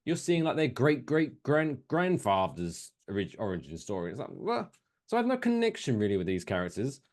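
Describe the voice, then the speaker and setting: A man's voice: mid-range voice, sing-song, brisk, a little mellow. A man co-hosting a casual podcast, joking loosely and swearing freely. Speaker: podcast co-host.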